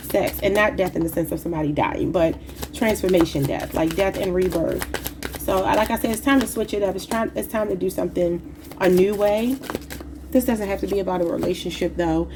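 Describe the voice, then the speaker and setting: A woman's voice: medium pitch, fairly quick, background noise. A woman giving a casual tarot reading, talking informally to her viewers and calling them y'all. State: slightly sick and emotional. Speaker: tarot reader.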